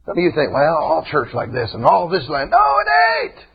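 A man preaching an impassioned sermon in a church, often breaking into shouts. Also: fairly high pitch, a little fast, creaky. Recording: dull lo-fi recording.

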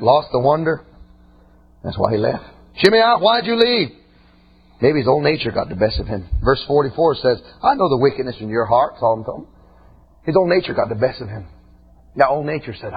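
A husky male preacher whose voice leaps high and wide as he shouts his points. He swings between high shouting and low, quiet asides. The recording is dull and lo-fi. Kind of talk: sermon.

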